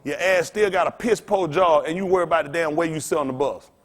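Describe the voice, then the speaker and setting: Speaking fast in a slightly high voice, a pastor delivers a rambling, blunt sermon laced with profanity. He goes back and forth with the congregation in call-and-response.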